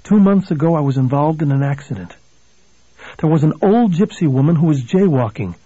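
A man's voice: a little high, animated, a little fast, dark tone, slightly rough, no echo, dull audio. Man reading a desperate haunted lawyer. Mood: urgent, pleading.

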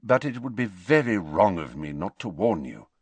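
Elderly wizard headmaster, read by a man, soft and unhurried, calm authority, dry booth. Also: on the low side, slightly rough, no echo. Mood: grave, calm. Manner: quiet, measured, gentle.

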